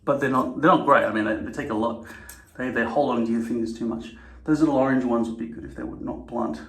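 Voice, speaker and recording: A man's voice: mid-range voice, steady tone, fast, fairly bright tone. A man talking casually to camera, rambling, swearing and correcting himself mid-sentence. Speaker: vlogger. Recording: echoey room.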